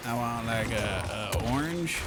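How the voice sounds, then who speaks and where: A man's voice: medium pitch, expressive, measured pace, music in the background. A man chatting loosely while gaming, rambling with fillers. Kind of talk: casual chat while gaming. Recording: background noise.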